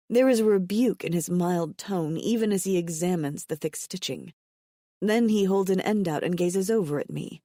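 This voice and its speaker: Woman reading a romance audiobook, lowish mellow voice, close and dry. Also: moderate pace, dry recording. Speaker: audiobook narrator. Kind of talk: first-person romance audiobook narration.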